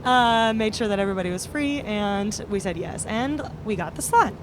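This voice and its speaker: A woman's voice: medium pitch, animated, normal speed. Chatty woman over van road noise. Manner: chatty, upbeat, with frequent fillers. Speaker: podcast host and band member. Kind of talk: casual storytelling chat. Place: inside a moving van.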